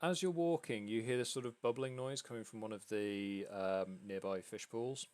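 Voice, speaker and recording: A man's voice: fairly low pitch, normal speed, a little mellow, smooth, no echo. A man from the UK narrating a tabletop game as game master, in a loose, rambling way with many fillers. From United Kingdom.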